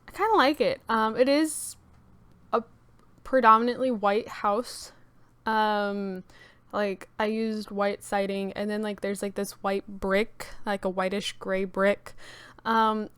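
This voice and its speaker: A woman's voice: mid-range voice, clean tone, no room sound. A young woman with a cracking morning voice, rambling casually with many fillers as she talks over her game build video. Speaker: YouTube gaming creator.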